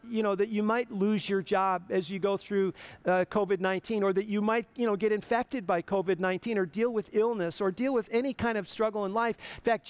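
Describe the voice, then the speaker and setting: A male pastor delivers a sermon with a high-pitched voice that is smooth and resonant. He talks earnestly and conversationally, often stumbling and restarting his phrases as he goes.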